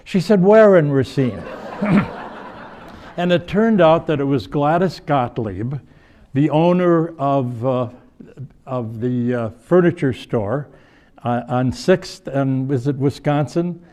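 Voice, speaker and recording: Older bishop, rambling lecture. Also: male voice, medium pitch, animated, slow. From United States. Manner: rambling, self-correcting, warm anecdotal. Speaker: bishop giving a conference talk. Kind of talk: storytelling lecture. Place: conference hall before an audience.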